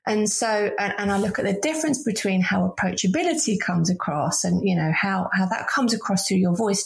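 Woman guest, a coach, with a gravelly, creaky tone; earnest and explanatory in conversation. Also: mid-range voice, normal speed. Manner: earnest, explanatory, with frequent restarts. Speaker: voice and leadership coach. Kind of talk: interview conversation.

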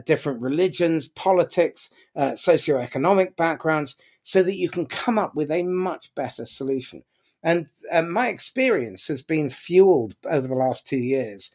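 A man giving a blunt, animated motivational talk to a business audience, swearing casually as he goes. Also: on the high side. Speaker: business speaker.

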